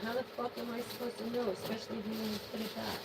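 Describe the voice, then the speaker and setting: A woman's voice: fairly high pitch, level tone, rapid-fire, heavy background noise. A woman reading tarot to her viewers in a rambling, casual way, swearing freely as she vents. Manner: rambling, profane venting. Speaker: tarot reader.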